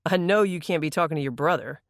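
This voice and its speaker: A narrator voicing a firm, fatherly middle-aged man with a deep baritone in an audiobook. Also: fast, no room sound, clean studio sound, natural voice.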